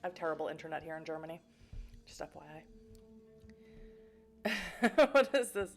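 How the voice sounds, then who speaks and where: Chatty woman streamer, slightly low voice. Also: expressive, normal speed, pauses often. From Boston. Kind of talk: reading a game aloud while streaming. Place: home in Germany.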